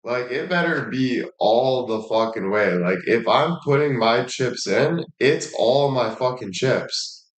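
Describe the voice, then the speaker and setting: A man speaks in a blunt, casual monologue, swearing freely and hammering his points through repetition. His voice sits at an ordinary pitch for a man. The sound carries a roomy echo. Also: animated, slow pace, hardly any pauses. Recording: echoey room.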